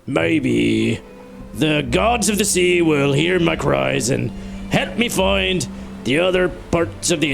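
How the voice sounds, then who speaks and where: Young male gamer, lively and gravelly, game music under him; goofy self-mocking narration. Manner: animated, playful pitch swings. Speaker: gaming YouTuber. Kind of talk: let's play commentary.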